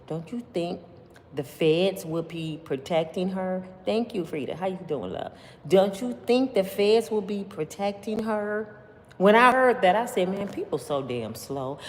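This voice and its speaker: A woman's voice: medium pitch, darkish tone, in a large hall. A woman giving opinionated commentary on celebrity news, emphatic and preachy, with constant rhetorical questions to her viewers. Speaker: commentary vlogger.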